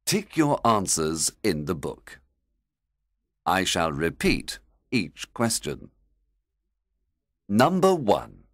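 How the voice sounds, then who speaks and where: A man narrating a story and reading quiz questions for English learners, measured and deliberate. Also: low voice, wildly swooping pitch, dry recording, studio quality.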